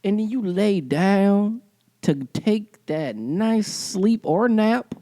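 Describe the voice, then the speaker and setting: A man's voice: high voice, expressive, takes it slowly, dark tone, no room sound. A man co-hosting a casual podcast, playful and teasing, often breaking into laughs. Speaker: podcast co-host. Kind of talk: casual banter.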